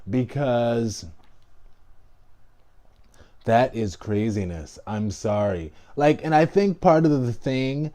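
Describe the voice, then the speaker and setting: A man vlogs casual political commentary in an animated, emphatic way, with frequent restarts and asides. His voice is medium-pitched, and he speaks slowly with long pauses.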